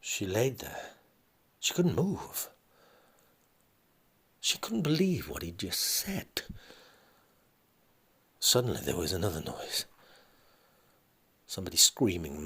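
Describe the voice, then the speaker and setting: Brief: male reader of his own drama, deep and unhurried, deliberate. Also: big pitch swings, creaky, bright, forceful tone, breathy edge. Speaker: storyteller. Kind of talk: reading his own story aloud.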